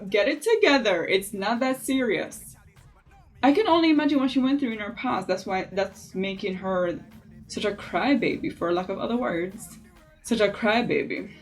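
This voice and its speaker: A woman chatting in a casual, opinionated way while doing her makeup for a beauty vlog. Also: medium pitch. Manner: chatty, opinionated, lively asides. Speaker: beauty vlogger. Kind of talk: casual makeup tutorial chat.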